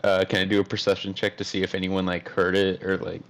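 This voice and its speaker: A man playing a tabletop game, speaking in a halting, unsure way. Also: low-pitched, completely flat delivery, a bit bright. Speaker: player.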